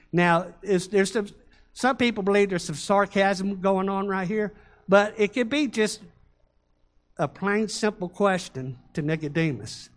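A man preaching a sermon to his congregation, reading scripture and leading call-and-response, slowing down and getting louder on key words. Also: high-pitched. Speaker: pastor.

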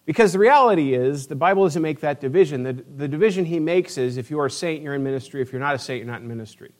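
A man's voice: fairly high pitch, animated, fast. A man pastor preaching a sermon in a church, earnest and conversational, with frequent restarts. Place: church sanctuary.

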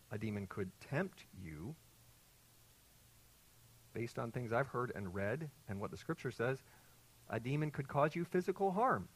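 A man preaching an expository sermon to his congregation, teaching earnestly, quizzing his listeners and surging louder on key points. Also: medium pitch, breathy edge, rough recording. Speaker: pastor.

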